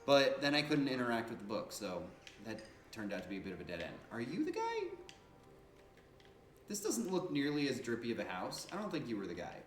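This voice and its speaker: A man's voice: medium pitch, fast, reverberant, slight background noise. A man giving casual, joking, slangy gameplay commentary as a streamer. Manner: animated, joking, slangy and profane.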